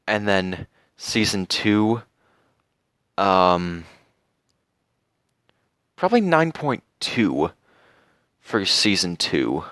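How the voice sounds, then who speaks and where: A young man reviews a TV series in an unhurried, earnest way, pausing often and filling gaps with little fillers. His voice sits a bit low and sounds smooth and clean. The recording is dry, with no room sound. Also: big pitch swings, a bit bright, no room sound. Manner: earnest, heartfelt, with many fillers and pauses. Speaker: TV show reviewer. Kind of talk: casual spoken review.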